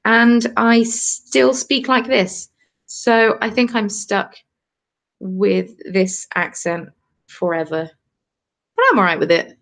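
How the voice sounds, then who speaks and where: A woman's voice: mid-range voice, fairly even intonation, slow, gravelly, a bit bright. A woman in her twenties with a southern English accent, chatting casually on a live stream while knitting and answering viewer comments. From southern England. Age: 20s. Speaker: crafting channel host. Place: cold home.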